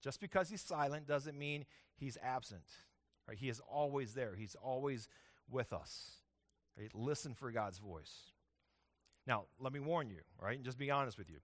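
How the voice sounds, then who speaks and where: A man's voice: mid-range voice, fairly bright tone. A man preaching a sermon as the pastor, talking in a conversational way and often checking in with "right?".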